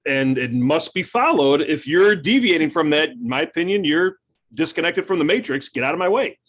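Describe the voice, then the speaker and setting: Dry, sarcastic man with animated pitch. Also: normal speed.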